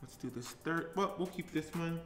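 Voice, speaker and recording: A man's voice: a little high, moderate pace, a bit bright. Chatty male baking vlogger who talks straight to his viewers, recorded in an echoey kitchen. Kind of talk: casual cooking chat. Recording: roomy echo, faint music.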